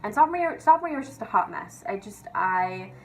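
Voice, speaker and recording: A woman's voice: medium pitch, very animated, fast, a bit bright, a little hiss or hum, rough recording. A young woman vlogger rants casually and confessionally, chatty and sweary, leaning on "like" and "literally". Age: young adult.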